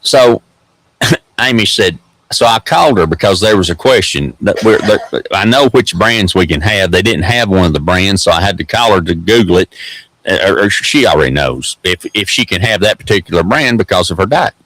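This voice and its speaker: A low-voiced man with a thick East Tennessee drawl tells a rambling, folksy story. His pitch swings widely as he goes. The sound is dry and close. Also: lively intonation, moderate pace, a bit bright, no room sound, poor audio. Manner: folksy, drawling, repeats words and laughs often. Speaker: host.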